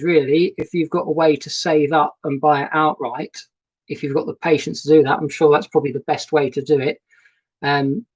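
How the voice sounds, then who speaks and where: A man's voice: on the high side, low-quality recording. Man, casual live stream talk, chatty, rambling. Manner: chatty, rambling, greeting viewers by name. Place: sofa inside a narrowboat. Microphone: laptop webcam setup.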